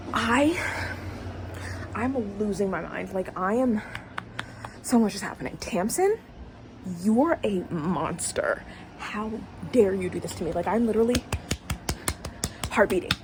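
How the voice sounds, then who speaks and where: A woman book vlogger talking casually to camera, excitable and dramatic, ranting with swearing. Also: medium pitch, a little hiss or hum, low-quality recording. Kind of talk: casual reading vlog.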